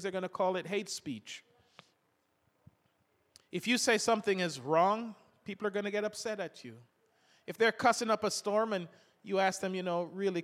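A man's voice: high-pitched, fairly bright tone, big-room sound. An older man preaching a sermon, reading scripture aloud between homely stories.

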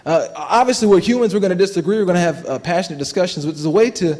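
Give me a man giving a chatty church testimony with frequent laughs, a bit high-pitched, recorded in a hall with long reverb. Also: rapid-fire, darkish tone. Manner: conversational, laughing often, frequent restarts. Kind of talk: sermon testimony.

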